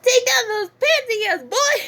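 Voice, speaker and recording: A woman doing a loud, crude, haughty girl. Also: extremely high pitch, animated, measured pace, pitched above the performer's own voice, heavily acted. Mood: brash, boastful. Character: brash, crude, boastful teen girl.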